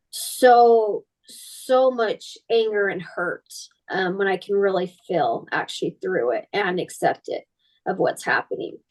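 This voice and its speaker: A woman's voice: medium pitch, darkish tone, rough recording. A woman talking as a podcast guest in candid personal conversation, rambling and earnest, full of "like" and "you know". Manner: earnest and emotionally open.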